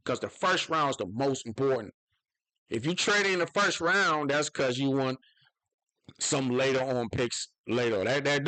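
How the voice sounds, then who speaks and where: Man, young adult, solo sports commentary, rambling, excitable, fairly high voice, dry close sound. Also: no room sound, poor audio. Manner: rambling, self-interrupting, excitable with sudden high outbursts. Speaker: football channel host.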